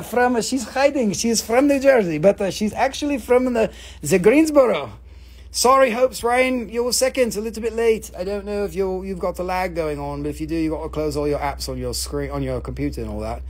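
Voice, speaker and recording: A husky-voiced woman hosts a live online rock sale, swearing freely and rattling off rapid countdowns. Her talk is excitable and loose, and her voice has a rough, breathy edge. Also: medium pitch. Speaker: live-stream rock and mineral seller. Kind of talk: live online sales show.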